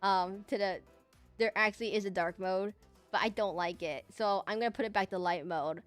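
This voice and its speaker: A woman's voice: mid-range voice, normal speed, soft background music. A woman VTuber streamer chatting casually with her viewers, rambling and repeating herself. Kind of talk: casual live-stream chat.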